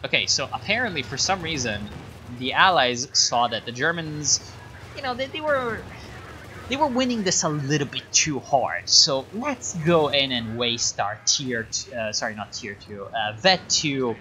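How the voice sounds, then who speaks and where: A man's voice: mid-range voice, big pitch swings, unhurried, sharp tone, slight background noise. A man casting a strategy game replay in a sarcastic, rambling way, full of fillers and asides. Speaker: game caster. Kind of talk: casual game commentary.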